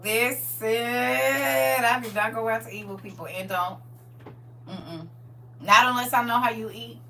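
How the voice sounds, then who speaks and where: Woman, middle-aged, livestream host, casual and emphatic, bright voice, distant mic, faint hum. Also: on the high side, measured pace, vocal fry. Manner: emphatic, chatty, laughs often.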